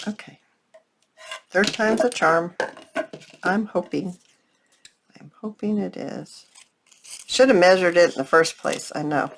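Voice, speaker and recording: A woman's voice: lowish voice, slow pace, vocal fry, long pauses, a little hiss or hum. A woman hosting a casual craft tutorial, chatting to her viewers as she works and teasing herself along the way. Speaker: crafting channel host.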